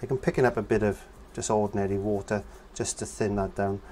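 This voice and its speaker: A man's voice: on the low side, level tone, brisk, a little mellow, a little hiss or hum. A man giving a casual painting lesson, chatting as he works and humming nonsense syllables while he paints. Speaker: painting teacher.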